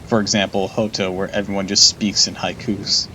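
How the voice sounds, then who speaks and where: A man's voice: deep voice, little pitch movement, normal speed, bright, forceful tone, slight background noise, rough recording. A man streaming a game live, chatting casually, laughing often and swearing.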